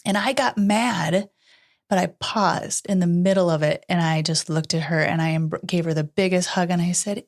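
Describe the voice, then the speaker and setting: A middle-aged woman co-hosts a podcast in relaxed, casual conversation. Her voice sits a little low, and she tells her stories earnestly, often acting out the lines of what was said. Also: moderate pace. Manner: earnest storytelling, acts out quoted dialogue. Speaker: podcast co-host. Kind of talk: casual chat.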